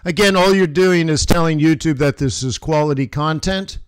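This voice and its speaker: A man's voice: a little high, normal speed, clear, resonant tone, dry recording, studio quality. A man in his forties, a forex trader hosting a live trading stream and talking viewers through the markets in a chatty, emphatic way.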